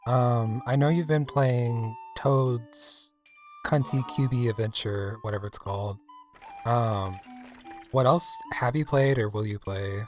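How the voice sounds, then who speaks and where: A man's voice: medium pitch, slow pace, soft background music. A man from the American South, chatting casually with his chat while livestreaming a game. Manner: chatty, rambling, playful.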